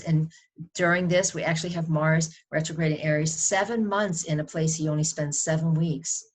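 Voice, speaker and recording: Low-voiced astrologer woman with a New England accent. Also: a little mellow. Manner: conversational, rambling, frequent restarts. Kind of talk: weekly astrology forecast to camera.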